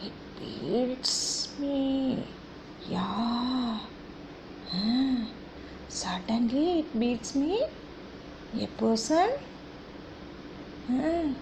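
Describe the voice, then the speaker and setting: Woman, kindergarten teacher, high lively voice, very slow sing-song delivery, faint hiss. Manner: slow, sing-song, coaxing with questions and animal noises. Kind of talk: teaching animal sounds to small children.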